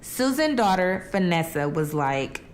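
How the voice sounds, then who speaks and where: A woman's voice: fairly low pitch, very animated, unhurried, slight background noise. A young woman casually telling a true crime story while eating, chatty and colloquial, acting out the quotes.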